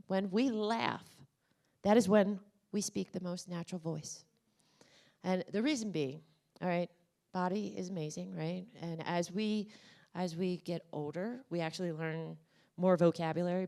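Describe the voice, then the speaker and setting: Her voice low-leaning and gravelly, a woman speaks at a conference, coaxing the audience through voice exercises as part of a motivational talk. She's energetic and addresses the crowd directly from the conference room.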